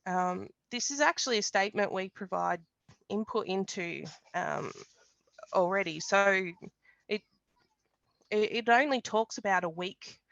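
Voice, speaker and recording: A woman, a climatologist, explains forecasts in a webinar presentation, measured and explanatory, with frequent ums and restarts. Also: medium pitch, creaky, a bit bright, no echo. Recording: dull lo-fi webinar audio.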